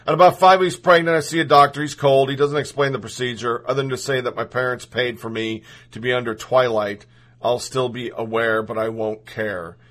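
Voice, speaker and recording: A man's voice: medium pitch, fairly even intonation, a little fast, a bit bright. Earnest man reading a personal story.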